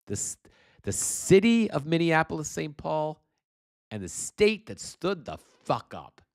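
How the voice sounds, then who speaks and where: A man hosting a political livestream speaks slowly and deliberately. His pitch sits a little high and swings widely. He sounds congested and talks with impassioned, profane emphasis. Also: sing-song, darkish tone. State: congested with postnasal drip. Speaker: livestream host.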